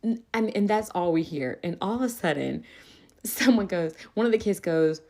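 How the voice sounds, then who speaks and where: A woman hosting a podcast, a schoolteacher telling a story in a casual, animated way, laughing often. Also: mid-range voice, moderate pace. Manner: animated, laughs often, acts out children's voices. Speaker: podcast host; elementary school teacher.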